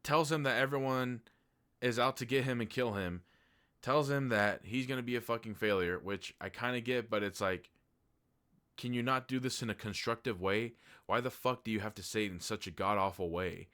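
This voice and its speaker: A man's voice: medium pitch, normal speed, a bit bright. A man giving a casual spoken TV review in a blunt, heated way, swearing freely. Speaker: TV show reviewer.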